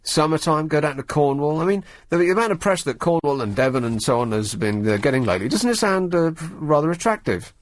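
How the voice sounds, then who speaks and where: A man's voice: a little high, lively intonation, quick pace, hardly any pauses, no echo. A man hosting a radio phone-in in a studio, talking casually in a sardonic, mocking way. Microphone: studio microphone.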